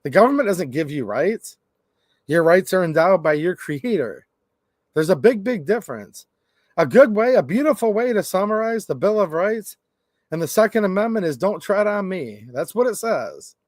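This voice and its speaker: Speaking at a normal pace in a high, sing-song voice, this man hosts a gun rights livestream, rambling, cracking jokes and reading viewers' chat comments out loud. The sound is studio quality with no echo.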